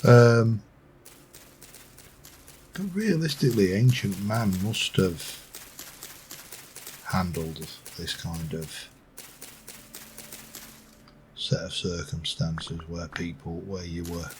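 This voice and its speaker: A man's voice: low-pitched, slow, pauses often, darkish tone, slight background noise. A middle-aged man giving rambling, musing let's play commentary with dry asides. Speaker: gameplay commentator.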